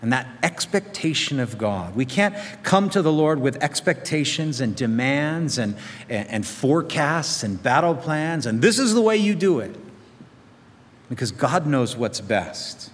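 A man's voice: medium pitch, lively intonation, unhurried, long reverb tail. A male pastor delivering a sermon, acting out quotes with rising emphasis.

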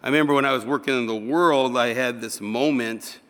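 A man's voice: mid-range voice, fairly quick, a bit bright, smooth. A male pastor giving a conversational sermon, acting out little dialogues. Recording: reverberant hall.

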